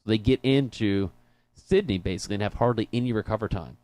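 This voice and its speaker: Fairly low in pitch yet quick and warm, this man's voice comes through a dry studio headphone recording. As co-host of a soccer talk show, he chats casually about sports, laughing frequently and often restarting mid-ramble.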